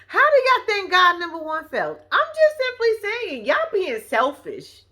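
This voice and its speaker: A woman's voice: very high-pitched, huge pitch swings, a little slow, hardly any pauses, sharp tone. A woman recapping a reality show episode in casual, profane chat, talking straight to her viewers.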